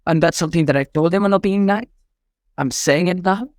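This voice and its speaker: Speaking fast in a high, darkish voice, the Spanish choreographer and artistic director gushes and rambles through his interview answers, filling gaps with fillers and a Spanish accent. He is middle-aged, and the audio is clean studio sound with no room sound.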